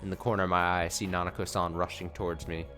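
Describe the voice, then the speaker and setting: A man's voice: low-pitched, level tone, fast, music in the background. A man streaming a video game, reading the dialogue aloud with sarcastic, laughing asides. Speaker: let's play streamer.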